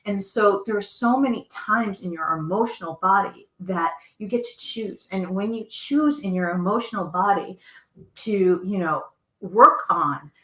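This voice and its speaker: Bright-voiced woman with rhetorical questions. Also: medium pitch, unhurried, echoey room. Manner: earnest, asks many rhetorical questions, repeats words. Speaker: host. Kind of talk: motivational talk.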